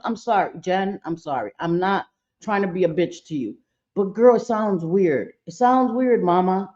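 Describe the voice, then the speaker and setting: A woman's voice: medium pitch, big pitch swings, unhurried, darkish tone, dull audio. A middle-aged woman hosting a casual livestream, chatting bluntly with viewers, cursing freely and often trailing off mid-thought. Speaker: livestream host.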